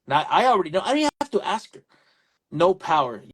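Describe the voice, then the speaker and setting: With a high, breathy voice and rapid-fire speech, this man, an electrical contractor, chats casually and recounts a story. He plays both parties in a phone exchange with lively energy.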